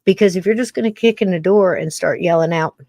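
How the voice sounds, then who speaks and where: A woman's voice: lowish voice, fast talker, a little mellow, dry recording. An older woman hosting a podcast, musing in a casual, rambling monologue full of restarts. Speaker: podcast host.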